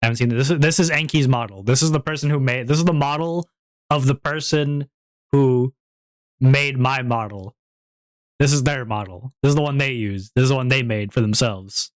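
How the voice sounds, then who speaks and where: A man streaming and chatting casually, rambling and breaking into high-pitched giggles. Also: moderate pace, no echo, studio quality. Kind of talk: casual chat.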